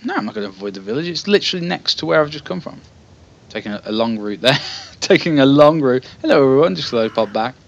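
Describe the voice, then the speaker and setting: A man's voice: mid-range voice, expressive, fast, vocal fry, lo-fi sound. A man commenting on a text-based game, reading passages aloud and making chatty, self-deprecating asides. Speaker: let's play host.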